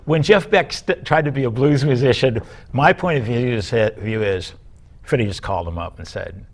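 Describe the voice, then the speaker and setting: An older male musician, appearing as a guest, rambles through animated stories in casual conversation, acting out the people he quotes. His voice is mid-range and his speed normal.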